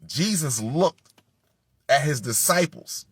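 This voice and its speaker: A man giving an impassioned, profane preaching monologue that builds to shouting. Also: a little high, lively intonation, slow, breathy edge, no room sound. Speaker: spiritual speaker.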